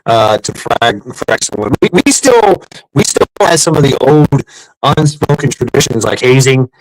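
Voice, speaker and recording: A man's voice: medium pitch, expressive, moderate pace, no echo, low-quality recording. A man telling rambling, profane service stories in a casual chat, with many restarts and fillers. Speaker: podcast host, former Marine.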